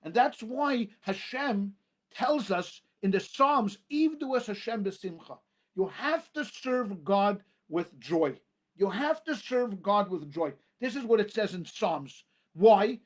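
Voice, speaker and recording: A man, a rabbi, preaching a sermon with emphatic repetition and dramatic pauses. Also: sits high, lively intonation.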